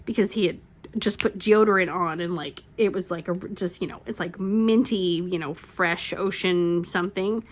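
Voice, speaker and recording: A middle-aged woman who hosts a crafting channel chats casually, telling rambling stories stuffed with "like" and laughing often. Her voice sits on the low side, at normal speed.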